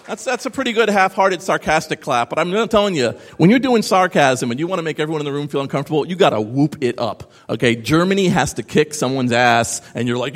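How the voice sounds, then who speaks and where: Animated sarcastic man in a big hall. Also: a little high, fast talker, few pauses. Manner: animated, sarcastic, rambling with asides. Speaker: conference speaker. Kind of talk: live talk to an audience. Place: large hall with audience.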